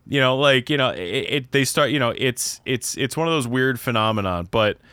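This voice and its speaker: A man's voice: mid-range voice, animated, normal speed, pushed and bright, smooth, dry recording. A young man from Pennsylvania with a Pennsylvania accent, co-hosting a podcast in casual chat and rambling with many restarts. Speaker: podcast co-host.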